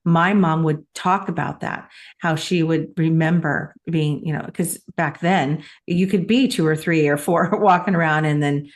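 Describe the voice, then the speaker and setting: A woman's voice: sits low, fairly even intonation, measured pace, few pauses. A middle-aged woman co-hosting a talk show, telling a personal story in a heartfelt, chatty way. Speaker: podcast co-host. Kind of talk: casual chat.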